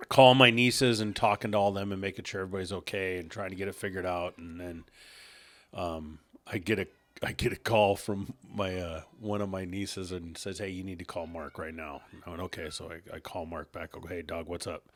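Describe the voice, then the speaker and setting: A man's voice: sits low, fairly even intonation, fairly quick, a bit bright, dry recording. A man co-hosting a casual podcast, telling a long rambling story and laughing at his own punchlines. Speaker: podcast co-host.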